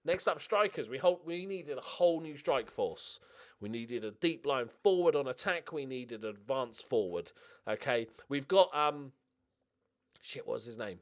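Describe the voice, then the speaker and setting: A man's voice: mid-range voice, normal speed. Chatty man commentating a sports sim. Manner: chatty, jokey, excitable, swears casually. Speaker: gaming channel host. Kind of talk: casual let's-play commentary.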